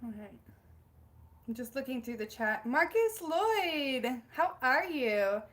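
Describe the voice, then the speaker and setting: A bubbly young woman chats casually on a livestream from her home. She laughs often and greets viewers warmly by name. Her voice sits a little high. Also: sing-song, takes it slowly. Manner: bubbly, giggly, reads out viewer names. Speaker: spiritual livestream host. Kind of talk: casual live-stream chat.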